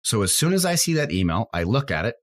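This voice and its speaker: A man's voice: medium pitch, sing-song, quick pace, dry recording, studio quality. A man, co-hosting a casual business podcast and acting out his customer calls as he tells stories. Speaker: sign company salesman, co-host.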